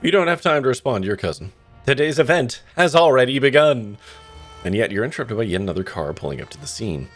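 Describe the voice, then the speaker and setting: A man's voice: medium pitch, sing-song, fast, faint music behind. A man streaming a story game, reading the narration aloud and reacting with wry asides and swearing. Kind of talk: live let's-play commentary, reading the game text aloud.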